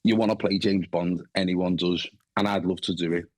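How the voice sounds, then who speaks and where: A man's voice: sits low, steady tone, moderate pace. A man in his thirties with a Scouse accent, an actor chatting as a guest, swearing freely and often restarting. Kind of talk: casual chat.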